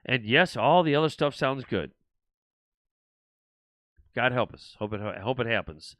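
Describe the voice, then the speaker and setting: A man's voice: medium pitch, animated, unhurried, fairly bright tone, dry recording. Older man ranting on his talk show. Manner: rambling, frustrated, many restarts. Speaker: show host. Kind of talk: political talk show monologue.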